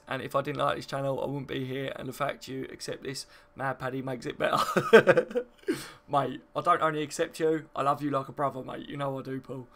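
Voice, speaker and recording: A man's voice: medium pitch, gravelly, fairly bright tone. A man, hosting a live football stream and chatting matily with viewers as he reads the chat. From Kent, England. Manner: chatty and matey, laughs often, calls viewers mate. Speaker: football channel host. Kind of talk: live stream chat reading and match reaction.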